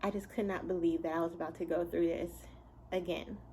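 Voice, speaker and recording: A young woman in a chatty home storytime, her voice sitting a little low for a woman. She tells the story in an animated way, laughing as she goes. A faint hiss sits behind her. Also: brisk, rough recording. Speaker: vlogger and mother. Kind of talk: casual storytime.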